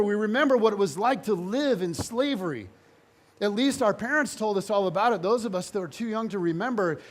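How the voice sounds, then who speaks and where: Male pastor, higher-pitched voice, animated storyteller preaching to a congregation. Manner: animated storytelling, voicing biblical figures in dialogue. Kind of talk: sermon.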